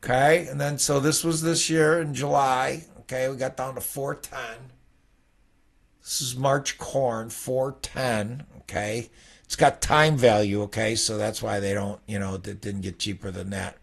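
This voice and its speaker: Gravelly man rambling through market charts. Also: mid-range voice, fairly even intonation, unhurried. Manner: rambling, conversational, peppered with "okay?". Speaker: futures trading educator. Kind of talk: casual chart walkthrough.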